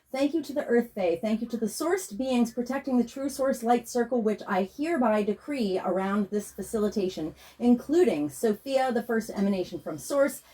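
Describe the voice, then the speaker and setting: An American woman spiritual healer in Pennsylvania, speaking slowly and soothingly as she leads a guided meditation, then chants a repeated prayer over a tarot reading. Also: fairly high pitch, a little mellow. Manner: slow, soothing, incantatory. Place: home, Pennsylvania.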